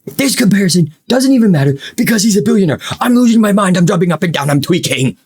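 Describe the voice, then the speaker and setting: A young man ranting as a YouTube commentator, sarcastic and exasperated, swinging between loud outbursts and low mutters. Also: expressive, quick pace, husky. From United States.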